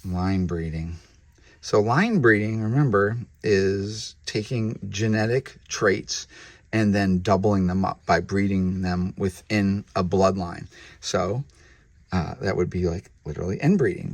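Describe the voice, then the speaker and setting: A reptile breeder who runs his own channel hosts a relaxed vlog indoors, handling snakes as he talks. His low, unhurried voice is chatty, now and then dropping to soft murmurs aimed at the animals. It's captured dry on a handheld camera mic.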